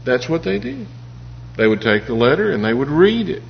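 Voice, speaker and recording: A man's voice: fairly high pitch, big pitch swings, moderate pace, gravelly. A man preaching a sermon in an earnest, personal way, with stories from his own life. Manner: earnest, personal storytelling with occasional restarts. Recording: reverberant hall with dull sound and faint hum.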